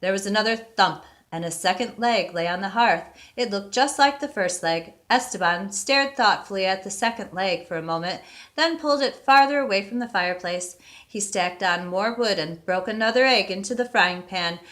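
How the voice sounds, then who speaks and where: Woman reading a kids' story out loud, bright voice, steady and expressive. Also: mid-range voice, normal speed. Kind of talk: storybook read-aloud narration.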